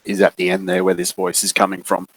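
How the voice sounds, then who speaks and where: A man, running a tabletop game and describing the scene with many pauses and fillers. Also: deep voice, monotone, fairly bright tone, husky, no echo, rough recording. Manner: unhurried, hesitant with many fillers. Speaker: game master.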